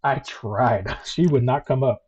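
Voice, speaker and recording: A man's voice: medium pitch, a little slow, darkish tone, husky. A man hosts a livestream panel in a casual, hesitant way, restarting his sentences and doubting himself. His voice comes through muffled, lo-fi online call audio. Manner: hesitant, second-guessing, many restarts. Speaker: panel host.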